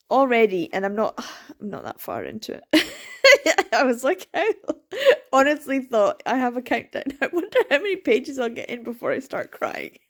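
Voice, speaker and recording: A young woman chatting emotionally about a book in a casual reading vlog, laughing often. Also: a little high. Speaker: book vlogger.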